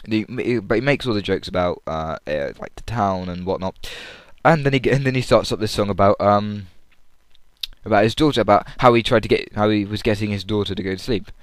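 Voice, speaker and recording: Chatty young Englishman, low clear voice. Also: brisk, no echo. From England. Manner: chatty, lots of fillers and restarts. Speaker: vlogger. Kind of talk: rambling audio log.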